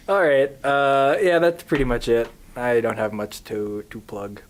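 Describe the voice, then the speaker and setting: A man's voice: mid-range voice, lively intonation, slow. A man co-hosting a podcast in casual chat, often protesting and defending himself in friendly banter. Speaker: podcast co-host.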